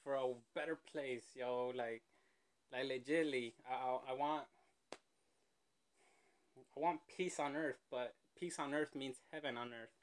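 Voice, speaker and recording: A man's voice: mid-range voice, measured pace, long pauses. A man hosting a casual reaction show, rambling and joking between clips. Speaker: host reacting to a video.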